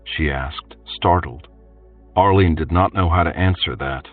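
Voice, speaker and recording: A man doing a steady, even scripted narration of a fantasy audiobook, with faint music behind. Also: deep voice, unhurried. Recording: distant tinny phone-like sound, faint music.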